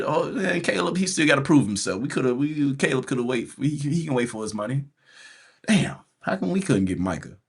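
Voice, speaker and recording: A man hosts a casual sports rant, his pitch swinging widely as he goes from exasperation to laughter. His voice is husky and his speech slangy and loose. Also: a bit bright. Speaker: podcast host.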